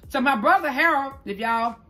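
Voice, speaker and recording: This mukbang vlogger, a middle-aged woman from New Orleans, Louisiana, has a high, animated voice with a sharp tone. Eating on camera in front of a green screen at home, she races through a story in her New Orleans-tinged Southern accent, tripping over words and calling her audience "child".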